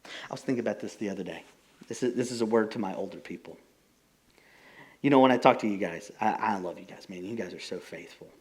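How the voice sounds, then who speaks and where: A man's voice: on the low side, fast talker. A young adult man preaching a casual, conversational sermon as pastor, telling stories with plenty of filler words. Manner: animated storytelling, many fillers like "like".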